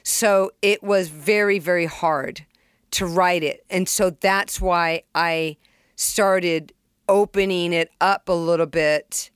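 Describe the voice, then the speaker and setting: A middle-aged woman tells her stories with an open, unguarded energy. She swears freely and acts out beats and sounds as she goes. Her voice is smooth and clear, recorded close and dry. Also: lowish voice, fairly even intonation, takes it slowly, no echo. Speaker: songwriter and producer, interview guest. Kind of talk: casual storytelling in an interview.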